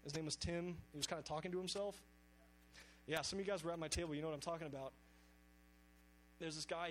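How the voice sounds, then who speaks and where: A man's voice: fairly high pitch, a bit bright, a little hiss or hum, low-quality recording. A young man preaching, telling a personal story earnestly and acting out his own inner dialogue.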